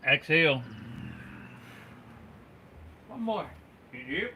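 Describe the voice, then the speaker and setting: A man guiding a live yoga class, cueing poses and breaths in an encouraging, relaxed and folksy way. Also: on the high side, normal speed, a little hiss or hum. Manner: relaxed, folksy, says y'all. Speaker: yoga instructor.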